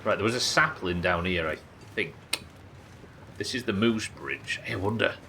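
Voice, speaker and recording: A man commentating his own live game stream, excitable, swearing and talking to his chat. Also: sits low, moderate pace, a little hiss or hum.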